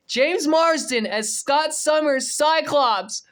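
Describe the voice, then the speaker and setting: An excitable young man talks through movie casting news in a casual vlog. His voice swings widely in pitch, and he curses freely and bursts into shouts of disbelief, then settles back into musing. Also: measured pace, hardly any pauses. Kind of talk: casual reaction commentary.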